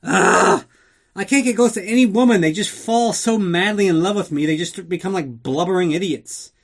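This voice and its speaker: An exasperated spy who is full of himself and groans about his own charm, as a man puts him on. His voice is pushed high and loud, with theatrical, mock-tragic force. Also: moderate pace. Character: exasperated suave male spy, mock self-pitying.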